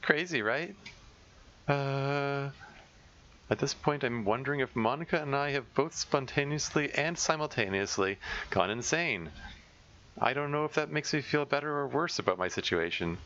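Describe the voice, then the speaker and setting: A man's voice: mid-range voice, animated, normal speed, sharp tone, lo-fi sound, pitched above the performer's own voice. A man voicing a desperate, sardonic teenage girl who leads a club, talking in a bitter, rambling, self-mocking way.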